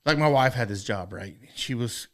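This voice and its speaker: A man in middle age talks casually on a podcast, winding through a story with plenty of swearing and restarts. His voice sits at an ordinary pitch, and he sounds sincere rather than polished. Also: expressive, moderate pace, fairly bright tone. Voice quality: profane, rambling, earnest. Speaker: podcast co-host.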